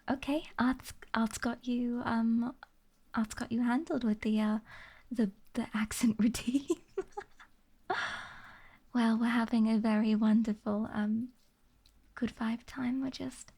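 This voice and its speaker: A woman streamer chatting in a soft, half-whispered ASMR voice, giggling often and sounding sleepy. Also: fairly high pitch, steady tone, takes it slowly, pauses often, slightly rough. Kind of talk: soft-spoken ASMR chat. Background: rain ambience.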